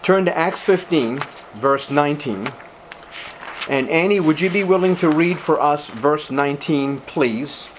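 A man's voice: on the high side, expressive, unhurried, background noise. A man preaching a sermon to his congregation as pastor, emphatic, repeating key words and calling his listeners beloved. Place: church service with congregation.

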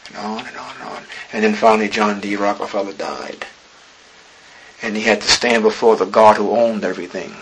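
A man's voice: on the low side, fairly even intonation, a little fast, fairly bright tone, slight background noise, poor audio. A man preaching a sermon to a church congregation, pleading with his listeners and building to emphatic exhortation.

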